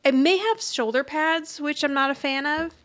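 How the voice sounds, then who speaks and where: A woman's voice: sits high, fairly bright tone. Chatty woman recapping an old sitcom. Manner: retells the plot, doing quick voices for the characters and laughing often. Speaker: podcast co-host. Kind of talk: casual recap chat, acting out scenes.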